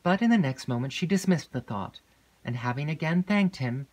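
Lady reading an old novel aloud, calm and measured, audiobook style. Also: low voice. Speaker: audiobook narrator. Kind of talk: scripted narration.

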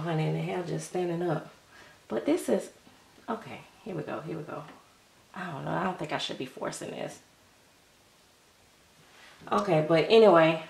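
A woman's voice: lowish voice, gravelly, darkish tone, roomy sound. A middle-aged woman chatting casually to camera at home as a doll-collecting vlogger. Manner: chatty, talks to the viewers.

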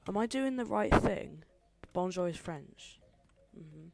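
Casual young female game streamer, low voice, drawn-out exasperated reactions. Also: animated, creaky, darkish tone, faint music behind. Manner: reactive, exasperated, chatting with viewers. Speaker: streamer playing level requests. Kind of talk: casual live-stream commentary.

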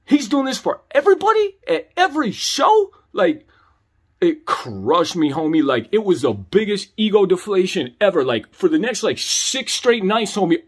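A man's voice: high voice, breathy edge. Slangy man telling a wild story. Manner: laid-back slangy delivery, calls listener homie and dog. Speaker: comedic storyteller. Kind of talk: comedic storytelling monologue.

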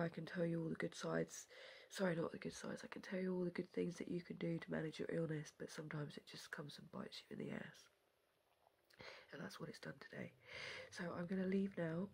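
Brit woman crying on her vlog, gravelly rough voice, stop-start and sorry. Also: lowish voice, darkish tone. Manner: halting, apologetic, often whispering through tears. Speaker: vlogger. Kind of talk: tearful personal vlog.

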